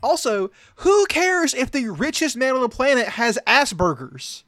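A man's voice: very high voice, very animated, a little slow, sharp tone, no room sound. A man co-hosting a casual podcast chat, ranting bluntly and swearing freely. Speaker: podcast co-host.

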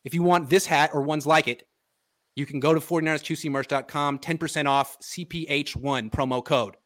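A man's voice: a little high, steady tone, a little fast, fairly bright tone. A man hosting a casual sports podcast, animatedly breaking down football film and chatting with his father. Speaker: podcast host.

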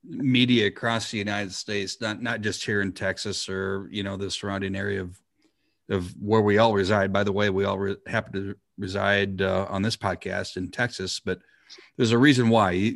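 A man's voice: fairly low pitch, steady tone, normal speed, vocal fry, no echo, clean studio sound. A man hosting a podcast, asking long, rambling questions full of restarts. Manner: rambling, restarts his sentences. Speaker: podcast host. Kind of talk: casual interview questions.

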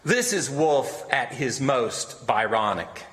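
A man giving a literary lecture in a measured, expressive way. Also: mid-range voice. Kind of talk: literary lecture with dramatic readings. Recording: long hall reverb.

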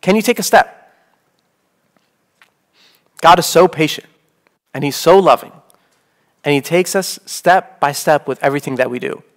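A man's voice: fairly high pitch, moderate pace, long pauses. A man in his thirties, a priest, giving a conversational sermon full of "like" and "okay?". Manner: casual, peppered with "like" and "okay?".

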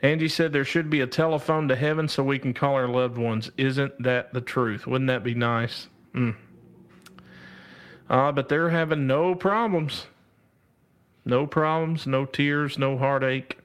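A man's voice: medium pitch, measured pace, clear, resonant tone. A man hosting a casual live stream, reading out viewer comments, laughing often and calling out to God.

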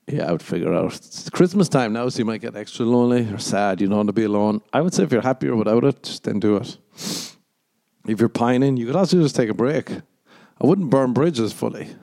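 A man's voice: on the low side, gravelly, mellow. A man with an Irish accent hosting a podcast and rambling in casual chat, self-deprecating and swearing a lot. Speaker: podcast host, stand-up comedian.

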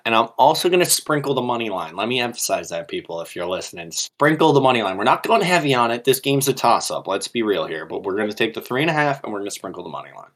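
A man's voice: on the low side, a bit bright. A man co-hosting a podcast, giving emphatic, opinionated takes on sports bets. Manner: emphatic, opinionated, pushes his points hard. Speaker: podcast co-host. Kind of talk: casual sports betting chat.

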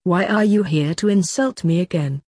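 A woman voicing a weary middle-aged male coroner who is secretly a reaper king, moaning in a put-upon way, with a husky voice. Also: fairly low pitch, moderate pace, a little mellow, dry recording, clean studio sound.

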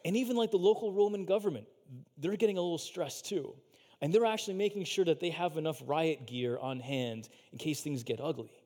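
A man preaching a sermon in a relaxed, chatty way, full of "like" and restarts. His voice sits a bit high for a man. The sound rings with the long reverb of a big church hall. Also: a little fast. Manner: casual, filler-heavy preaching with acted-out quotes. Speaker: pastor.

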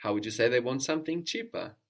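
A man's voice: medium pitch, lively intonation, fast talker. A man teaching a Greek lesson, patiently explaining grammar step by step and prompting his student with questions.

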